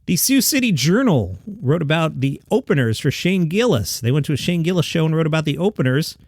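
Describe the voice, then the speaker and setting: A man reads the day's comedy headlines in a fairly high voice and drops dry, deadpan remarks between the quotes. The recording is close and dead, with no room sound at all. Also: fairly quick, dry recording. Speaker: host of a daily comedy news show. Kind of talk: scripted news reading with dry asides.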